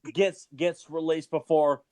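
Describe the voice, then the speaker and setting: A man's voice: fairly high pitch, fairly even intonation, measured pace, darkish tone. A man co-hosting a casual podcast, blunt and grumbling, who swears freely. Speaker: podcast co-host.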